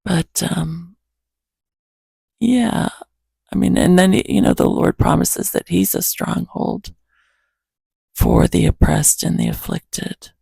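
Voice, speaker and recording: Hoarse, gravelly man reading scripture. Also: high-pitched, a little mellow, no room sound. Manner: earnest, reflective, unhurried. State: hoarse morning voice. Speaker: host reading scripture to his cat. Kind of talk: casual Bible reading, reflection and prayer.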